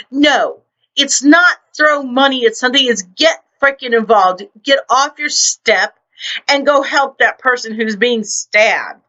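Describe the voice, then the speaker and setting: A woman's voice: on the high side, unhurried, bright, forceful tone, muffled recording. A woman writer hosting her own vlog, ranting in a blunt, profane and indignant way into her computer microphone.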